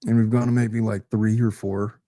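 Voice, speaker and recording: A man co-hosting a podcast, chatting casually and joking, with animated storytelling and voices for the people he quotes. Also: on the low side, normal speed, no echo, clean studio sound. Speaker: podcast co-host. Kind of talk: casual chat.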